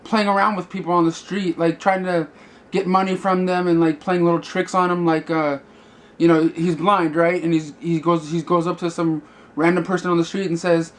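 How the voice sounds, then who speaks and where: A man's voice: on the high side, flat delivery, moderate pace. Rambling man reviewing a movie. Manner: rambling, many fillers and restarts. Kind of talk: casual video review.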